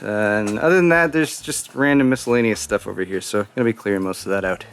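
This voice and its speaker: A man's voice: fairly low pitch, quick pace, heavy background noise. A man in his thirties hosting a casual home-project vlog outdoors, chatty and self-deprecating with jokes. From Southern California. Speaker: YouTube host. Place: outdoor side yard of a house.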